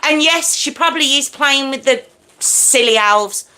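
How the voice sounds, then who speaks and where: A chatty woman hosting a casual true crime livestream, talking straight to her viewers. Her voice is bright and sits a little high, and her chest sounds a touch wheezy. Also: a little slow. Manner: chatty, greets viewers by name, self-described loud and hyped.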